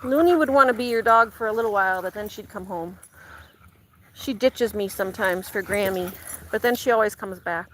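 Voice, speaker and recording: A young woman chatting casually with her live chat from her garden, slipping into high sing-song baby talk with her dog. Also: a little fast, a little hiss or hum. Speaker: vlog host talking to live chat. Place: outdoors in a home garden.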